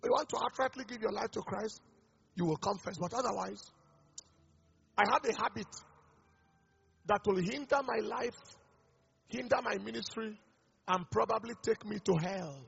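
A man's voice: high voice, moderate pace, gravelly, pauses often, fairly bright tone, slightly rough, in a large hall, dull audio, soft background music. A man, a pastor leading an altar-call prayer with fervent, repeated declarations.

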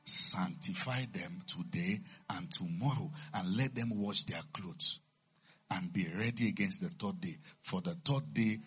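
Male preacher, bright and husky, swings from quiet scripture reading to high shouted preaching, faint music underneath. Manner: reads scripture low and slow, then preaches with rising shouts.

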